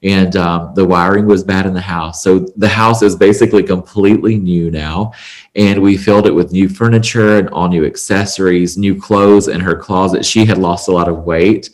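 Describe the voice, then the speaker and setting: Very low-voiced man telling a heartfelt story. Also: steady tone, normal speed. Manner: earnest, emotional, chatty with fillers. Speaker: podcast guest, salon owner. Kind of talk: conversational storytelling.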